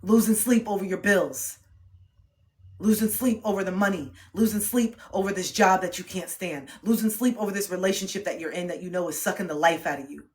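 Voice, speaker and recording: A woman's voice: on the low side, a little fast. A young woman streams a motivational talk, driving hard at her listeners with repeated questions and plenty of swearing. She sounds intense and preachy, pushing and challenging rather than comforting. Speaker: livestreamer.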